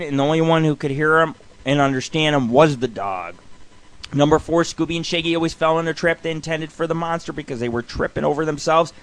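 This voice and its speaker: A middle-aged man hosting a radio show, telling jokes and reading comic lists in a loose, swearing manner. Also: on the high side. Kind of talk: casual comedic radio monologue.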